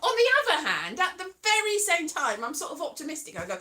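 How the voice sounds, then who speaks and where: High, lively self-deprecating woman. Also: fairly quick, hardly any pauses. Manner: self-deprecating, chatty, slips into sing-song. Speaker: vlogger. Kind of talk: rambling casual monologue.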